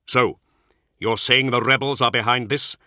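A man voicing a gruff, impatient commanding lord who speaks curtly and demands answers. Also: mid-range voice, fairly even intonation, a little slow, bright, forceful tone, dry recording, studio quality, pitched above the performer's own voice. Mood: stern.

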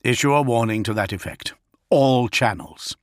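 A man's voice: mid-range voice, moderate pace, dry recording, studio quality, lightly acted. A man voicing a stern commanding lord general. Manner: firm, commanding orders.

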